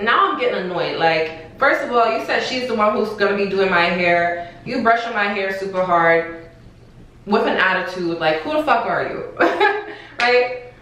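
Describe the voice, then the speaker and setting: A young woman telling a story in a casual vlog, in an animated, exasperated way, with slang and swearing. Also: medium pitch. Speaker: vlogger. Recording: echoey room, far from the mic.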